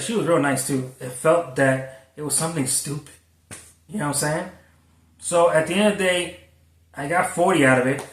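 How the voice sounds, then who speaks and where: A man who drives food deliveries tells a story in a loose, rambling, profane way. His voice sits a little high. It comes across roomy and set back from the microphone. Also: fairly bright tone, distant mic. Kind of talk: casual storytelling vlog. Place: Florida. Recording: echoey, from away from the mic.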